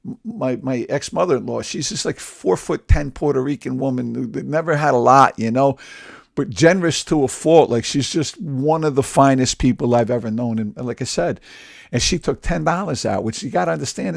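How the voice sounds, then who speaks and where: Guy in his 60s rambling about life, gravelly voice, lots of "you know", dry close sound. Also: mid-range voice, dry recording. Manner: rambling, repeats words, wry self-deprecating humor. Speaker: podcast host. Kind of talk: candid personal monologue.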